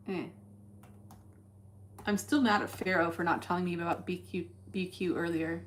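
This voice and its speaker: A woman's voice: on the low side, steady tone, normal speed, long pauses. A woman streaming her day trading in casual chat, blunt and cursing freely as she thinks aloud. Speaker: livestreamer trading stocks.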